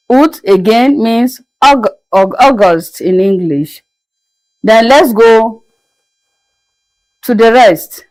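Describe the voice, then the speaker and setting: A woman's voice: on the high side, darkish tone, no room sound, rough recording. A woman teaching French as a lesson to her channel, who spells the words out and repeats each one patiently. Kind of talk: slow, patient classroom lesson.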